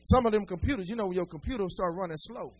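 A man's voice: sits high, quick pace, highs cut off, soft background music. A male pastor preaching a sermon, speaking right to his congregation with folksy humor and repeated, building phrases.

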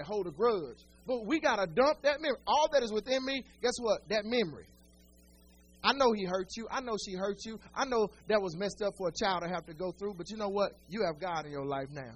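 A man with a strikingly high voice preaches a sermon to his congregation. He mixes homely humor with repeated, building phrases and calls out to the church directly. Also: animated, a little fast, a bit bright, slight background noise. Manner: folksy humor and stories. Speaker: pastor.

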